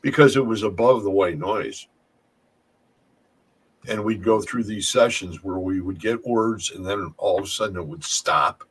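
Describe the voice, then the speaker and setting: A man's voice: on the low side, a little slow, fairly bright tone, slightly rough, rough recording. A man telling paranormal stories in a casual chat, rambling and restarting his sentences often. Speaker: paranormal investigator.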